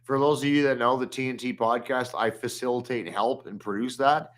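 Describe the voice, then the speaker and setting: A man in the middle of the pitch range, ribbing his co-host and cursing casually as he runs a loose live podcast. His talk is jokey and relaxed. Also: fairly quick. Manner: teasing, profane, joking. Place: at home with a dog.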